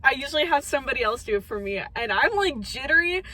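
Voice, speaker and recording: A woman's voice: high-pitched, lively intonation, quick pace, sharp tone. A young woman from Minnesota in a chatty, joking vlog, poking fun at herself as she talks through her day. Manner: chatty, joking, self-mocking. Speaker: vlogger. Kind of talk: casual vlog chat.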